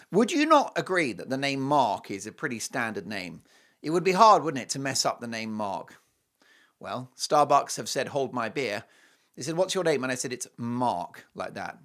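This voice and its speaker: Lively man hosting a talk show. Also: mid-range voice. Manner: animated, self-mocking, jumps between loud and hushed. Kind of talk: comic monologue.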